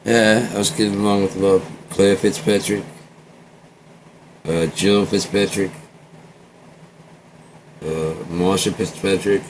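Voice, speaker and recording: A man's voice: sits low, flat delivery, slow, long pauses, a little hiss or hum. An American man talking casually in a meandering, drifting monologue, trailing off and jumping between topics. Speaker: vlogger recording a personal journal.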